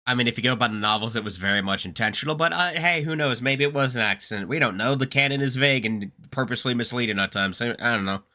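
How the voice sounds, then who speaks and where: A man hosting a casual reaction video, rambling excitedly, swearing freely and laughing often as he comments. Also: mid-range voice, quick pace, few pauses.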